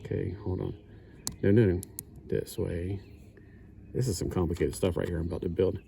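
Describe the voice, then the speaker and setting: A man's voice: deep voice, level tone, normal speed, gravelly, mellow, slight background noise. A middle-aged man chatting casually while he builds a kit, rambling and correcting himself. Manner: rambling, self-correcting, chuckling asides. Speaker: hobby builder. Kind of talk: casual build-along chat.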